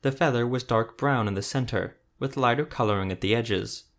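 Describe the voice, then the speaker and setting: A male narrator reading a fantasy tale in a mid-range voice. His delivery is steady and even, paced for listening. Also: medium pitch, a little fast. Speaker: audiobook narrator. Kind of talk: scripted narration.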